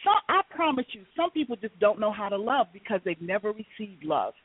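A woman's voice: medium pitch, big pitch swings, fairly quick, husky, no echo. A woman co-hosts a talk radio show and speaks emphatically, with a preacherly weight on her words. The sound is dry, with no room around it. It comes through a narrow, phone-like line. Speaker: radio co-host.

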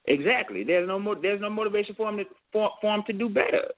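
A man's voice: sits high, quick pace. A man co-hosting a call-in talk show, speaking emphatically and often repeating himself. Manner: emphatic, repeats phrases, says "you know what I'm saying". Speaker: co-host. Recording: tinny phone-line sound.

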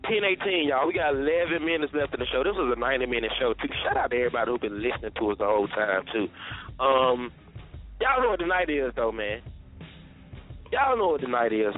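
A man hosting a casual radio show, joking loosely and hyping a party. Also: medium pitch. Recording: tinny phone-like audio with faint music.

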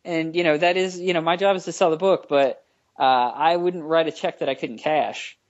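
A man with a somewhat high voice speaks haltingly, restarting his sentences and slipping in dry, sarcastic jokes. He is a writer chatting as a podcast guest. The audio is dull and lo-fi. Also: steady tone. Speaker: comic book writer guest. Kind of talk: casual podcast interview.

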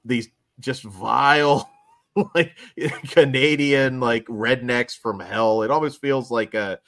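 A man's voice: mid-range voice, takes it slowly, a bit bright, no room sound, studio quality. A man hosting a film review podcast in casual chat, enthusiastic and laughing often, rambling with restarts. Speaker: podcast host reviewing films.

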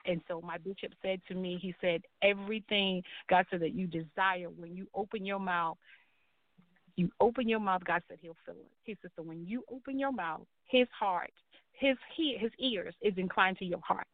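A woman's voice: on the low side, normal speed, no room sound. Woman telling her story over a tinny line. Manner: earnest storytelling, acts out quoted dialogue. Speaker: guest. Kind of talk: personal testimony in a talk show. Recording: tinny phone-like line, dry.

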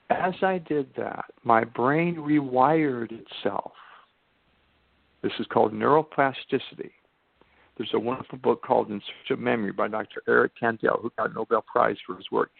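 An older man telling his story as a podcast guest, slowing down to stress key points. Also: medium pitch, creaky, dry recording. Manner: emphatic, slows down for key points. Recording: tinny phone-line sound.

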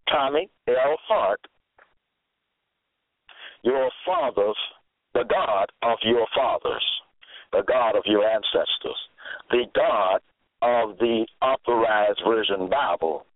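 A man preaching a sermon slowly and emphatically, his pitch swinging widely as he stresses words. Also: dry recording. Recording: tinny phone line, dry.

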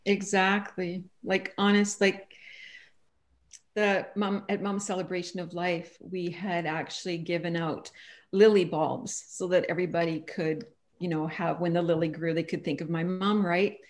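A woman, a guest author on an online radio show, telling personal stories in a casual, animated way and acting out the quoted voices. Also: lowish voice, moderate pace. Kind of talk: casual interview chat.

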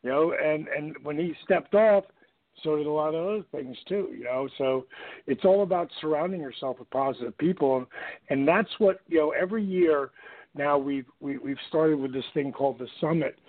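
A man's voice: a little high, moderate pace. A middle-aged man hosting a radio show, chatting in a casual motivational way, full of fillers, acting out quotes as he tells stories. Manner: animated storyteller, acts out quotes, many fillers. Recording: tinny phone line.

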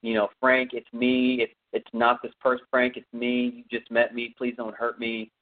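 A man's voice: mid-range voice, monotone, normal speed, natural voice. A man voicing a terrified young woman who pleads for her life and repeats herself, over a phone-like line. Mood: pleading. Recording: phone-like narrow sound.

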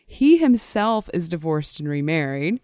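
A female podcast co-host telling a story in an easy, conversational way, with a slightly low voice. The sound is dry and close, with no room around it. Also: very animated, unhurried, a little mellow, no room sound. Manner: conversational, laughing asides. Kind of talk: casual storytelling chat.

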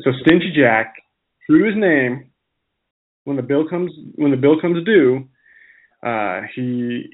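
A man co-hosting a podcast, telling a folk tale in a relaxed, chatty way with frequent restarts. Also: mid-range voice. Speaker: podcast co-host. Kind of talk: casual storytelling chat. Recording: phone-like narrow sound.

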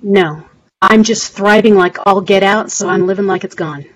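A woman's voice: mid-range voice, moderate pace. Middle-aged woman telling her story earnestly. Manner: earnest, animated retelling with quoted voices. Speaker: guest. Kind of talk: podcast interview storytelling. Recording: slightly dull audio with faint hiss.

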